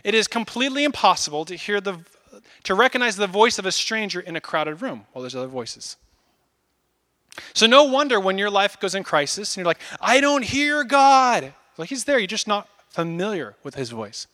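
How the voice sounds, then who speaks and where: A man in his thirties preaching a casual, animated sermon, acting out little asides as he goes. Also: high-pitched, fairly quick. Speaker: pastor.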